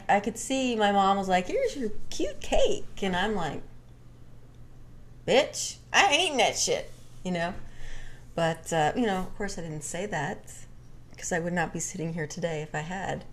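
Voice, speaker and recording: A woman's voice: on the low side, slight background noise. A young adult woman casually telling a candid, rambling personal story and swearing freely.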